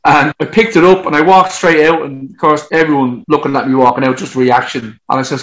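Lively, swearing man telling stories. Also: fairly high pitch, brisk, hardly any pauses, low-quality recording. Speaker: musician guest. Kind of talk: casual anecdotal storytelling.

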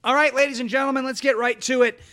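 Emphatic, bright-voiced male talk host. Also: extremely high pitch, steady tone. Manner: quick, emphatic, repeats points, joking. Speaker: political talk show host. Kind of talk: casual political commentary and ad reads.

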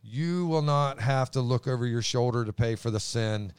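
Man, booming, excitable, stumbling restarts, dry sound. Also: normal speed, smooth, dry recording. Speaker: Bible teacher co-host. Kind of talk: excited Bible teaching chat.

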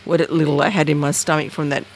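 An Australian woman, an interview guest, telling a personal story in a lively way and acting out the voices and sounds in it. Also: deep voice, quick pace, vocal fry, slight background noise. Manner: animated, acts out voices and sounds.

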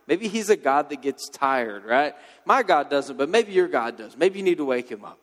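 A man's voice: on the high side, lively intonation, normal speed, big-room sound, lightly acted. A man voicing a swaggering male prophet who mocks his rivals in a teasing, sarcastic way. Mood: mocking.

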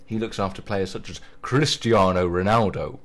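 A man co-hosting a radio show, chatting casually and rambling with many pauses and restarts. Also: deep voice, fairly bright tone. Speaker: radio co-host.

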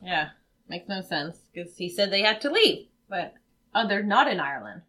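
A woman's voice: medium pitch, big pitch swings, moderate pace, bright, forceful tone, a little hiss or hum. A woman chatting casually while watching a film, wryly describing what happens on screen. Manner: wry, narrates the on-screen action. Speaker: movie watch-along co-host.

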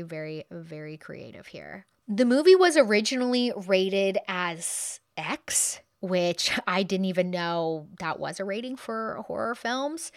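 A woman hosting a podcast in a chatty, animated way, acting out little quotes as she talks. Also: mid-range voice, smooth, dry recording, clean studio sound. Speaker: podcast host. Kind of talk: casual podcast talk.

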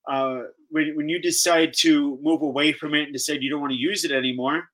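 Halting, bright-voiced male guest. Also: on the high side, steady tone, low-quality recording. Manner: halting, repeats words, flustered. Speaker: guest on a live show. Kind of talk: live talk show discussion.

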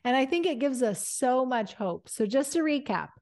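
A woman hosts a podcast, speaking in an encouraging, affirming way as she sums up her advice for listeners. Her voice is slightly high. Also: lively intonation, moderate pace, a little mellow. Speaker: podcast host. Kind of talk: casual podcast chat.

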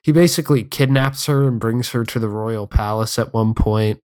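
A man co-hosting a podcast, recapping a film's plot in a relaxed, casual way with fillers and dry remarks. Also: fairly low pitch, normal speed. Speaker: podcast co-host. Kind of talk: casual film discussion chat.

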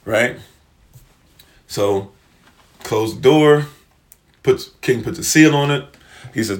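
Animated man preaching a story. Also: mid-range voice, measured pace, long pauses. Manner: animated storytelling, slangy, acts out characters. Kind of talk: casual retelling sermon.

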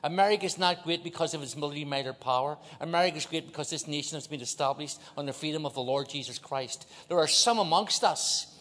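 Preaching as a guest in a big church, a man from Ireland jokes with the congregation and leads call-and-response. He talks fast with hardly any pauses, his slightly high voice fairly bright, and a long hall reverb surrounds him.

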